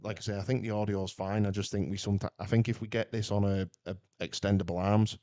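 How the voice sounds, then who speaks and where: Deep-voiced chatty man. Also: quick pace, no room sound. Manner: rambling, animated, chatty. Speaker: podcast co-host. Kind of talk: casual chat. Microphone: podcast mic up close.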